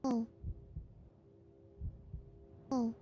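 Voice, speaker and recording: A woman's voice: very slow, warm tone. A woman streamer reading an interactive adventure story aloud, narrating steadily and breaking into casual asides to her chat.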